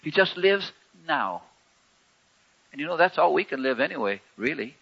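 Folksy male preacher, bright tone. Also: on the high side, sing-song, normal speed, gravelly, breathy edge, highs cut off. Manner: folksy and conversational, with wry humor and sharp swings in loudness. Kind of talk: sermon.

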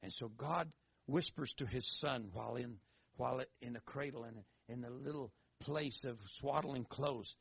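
A man preaching a sermon in an animated way, repeating phrases for emphasis, on a dull lo-fi recording. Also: medium pitch, moderate pace, gravelly, husky, dry recording. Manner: animated, acts out quoted voices, emphatic repetition.

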